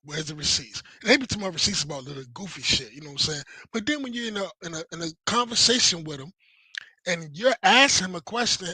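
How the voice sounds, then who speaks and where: A man's voice: high-pitched, lively intonation, fast talker, sharp tone, breathy edge, dry recording, rough recording. A man on a podcast, talking heatedly and profanely, repeating himself and acting out quotes. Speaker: podcast host. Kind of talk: heated casual chat.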